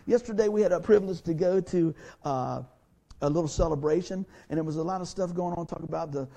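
A man's voice: fairly high pitch, fast talker, gravelly, dark tone. A middle-aged man as pastor, preaching a sermon to his church in a folksy, conversational way, acting out the quotes of the people in his stories. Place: church sanctuary.

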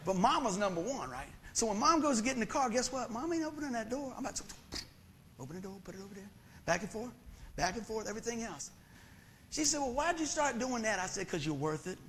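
A man's voice: high voice, very animated, fast, fairly bright tone, slight background noise. A middle-aged preacher man, preaching a sermon in a folksy, conversational storytelling way.

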